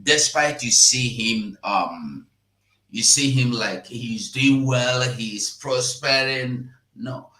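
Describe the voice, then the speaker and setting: A Nigerian man hosts a live-streamed news commentary at an unhurried pace. His voice is bright and forceful, and he circles back on his points and repeats them, often pushing his pitch up sharply for emphasis. The sound carries a noticeable room echo. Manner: rambling, repetitive and emphatic, with sudden rises in pitch.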